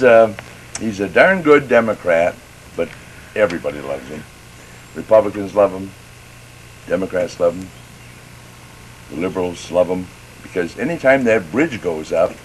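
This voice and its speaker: A man's voice: sits low, moderate pace, a little hiss or hum, rough recording. A man telling a long folksy joke in a drawling, storytelling manner, voicing the people in it as he goes. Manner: drawling storyteller, rising and excited toward the end. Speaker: joke teller.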